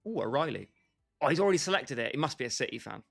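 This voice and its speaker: A man's voice: medium pitch, lively intonation, rapid-fire, vocal fry, fairly bright tone, slightly rough, faint music behind. A young man livestreaming a football game, bantering and joking with his chat and calling viewers by name. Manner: bantering, jokey, talks straight to chat by name. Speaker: gaming livestreamer.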